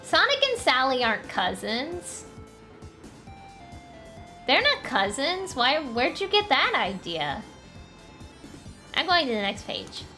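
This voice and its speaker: A woman streamer reading comics aloud in a casual live stream, chatty and playful with quick asides. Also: high voice, huge pitch swings, sharp tone, soft background music.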